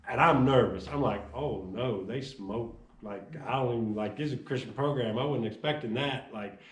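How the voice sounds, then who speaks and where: Man, personal testimony, animated storytelling, acts out dialogue, mid-pitched voice, echoey room. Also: moderate pace, recorded from a distance. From Chicago. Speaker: testimony speaker.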